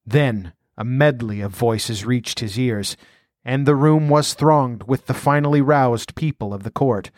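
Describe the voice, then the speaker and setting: A man reading a storybook aloud as narrator, measured and dramatic. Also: medium pitch, darkish tone, no echo, clean studio sound. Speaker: audiobook narrator. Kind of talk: scripted narration.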